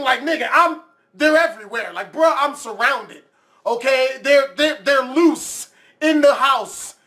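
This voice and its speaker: A man's voice: very high voice, pushed and bright. A man hosting a reaction video, jumpy and profane, laughing as he talks. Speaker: YouTube reaction host. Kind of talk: casual reaction commentary.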